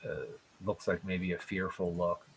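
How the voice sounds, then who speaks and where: Slow, low-voiced man narrating as game master. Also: flat delivery, slightly rough, low-quality recording. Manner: slow, hesitant narration with many fillers.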